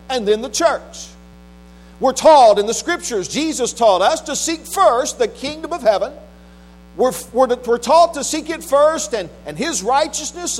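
Lively-voiced preacher reading scripture. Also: male voice, extremely high pitch, rough recording. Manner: measured, solemn reading with restarts in plain talk. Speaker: pastor. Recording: faint mains hum.

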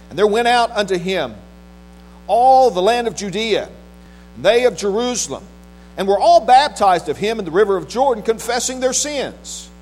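A man's voice: high-pitched, a little mellow, rough recording. A male pastor reading scripture solemnly, then preaching with a few restarts. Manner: measured, solemn reading with restarts in plain talk. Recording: faint mains hum.

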